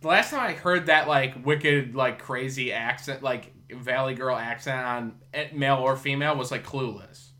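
A man's voice: medium pitch, normal speed, hardly any pauses, bright, forceful tone. A man hosting a podcast in casual chat, rambling with lots of fillers and swearing. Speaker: podcast host.

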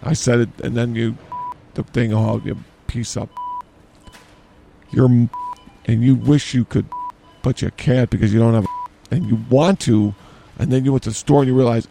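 A man co-hosting an improvised comedy podcast in a grocery store, rambling deadpan and trailing off mid-sentence. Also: medium pitch, moderate pace, gravelly, pauses often, a little hiss or hum. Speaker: podcast co-host.

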